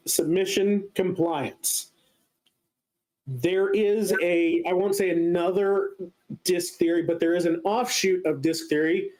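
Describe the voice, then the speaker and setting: A man's voice: high-pitched, darkish tone, poor audio. Man lecturing with frequent ums. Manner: explanatory, many filler sounds. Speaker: guest speaker. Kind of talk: casual lecture.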